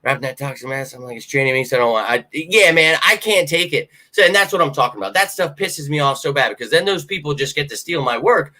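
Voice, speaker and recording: Fired-up bright-voiced fan show host. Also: male voice, a little high, a little fast, few pauses. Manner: profane, ranting, animated. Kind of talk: fired-up livestream fan talk.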